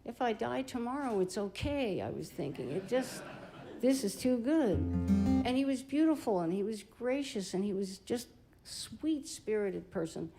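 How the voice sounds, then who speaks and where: An older woman, a blues singer and guitarist, telling an animated, chatty story between songs on a live-stream stage, laughing easily. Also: fairly high pitch, measured pace, music in the background, low-quality recording.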